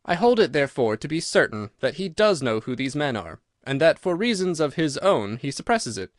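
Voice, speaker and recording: A man voicing a sharp, assured detective who explains his reasoning in clipped, crisp sentences. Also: fairly high pitch, very animated, a little fast, no room sound, clean studio sound. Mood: explaining. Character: sharp, cool male detective, brisk and assured.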